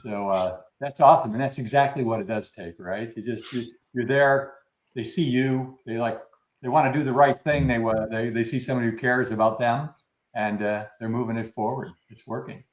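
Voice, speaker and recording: A man's voice: mid-range voice, fairly even intonation, normal speed. A man moderating a panel discussion. He affirms what each speaker says and often seeks their agreement.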